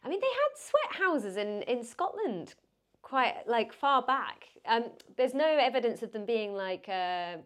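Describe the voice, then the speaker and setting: A woman's voice: on the high side, very animated, unhurried, fairly bright tone. A woman who is a guest on a podcast, talking in a thoughtful, reflective way. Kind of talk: casual podcast chat.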